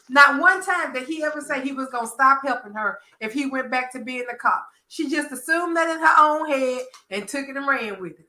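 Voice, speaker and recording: A woman with a Southern American accent, hosting a casual soap opera chat and acting out characters' lines in a profane, animated way. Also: high-pitched, moderate pace, few pauses, echoey room, rough recording. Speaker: podcast host.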